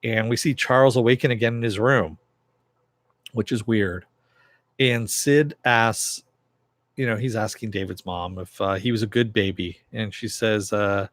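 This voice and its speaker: A man's voice: fairly low pitch, fairly even intonation, moderate pace, a bit bright, no echo. A man casually recapping a TV episode, rambling with lots of fillers and restarts, quoting characters in a slightly raised voice. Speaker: TV episode reviewer.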